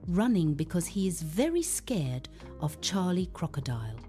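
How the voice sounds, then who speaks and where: A woman narrates a children's Bible story with an expressive, animated read-aloud style. Her voice is fairly low and a little slow, and faint music plays in the background.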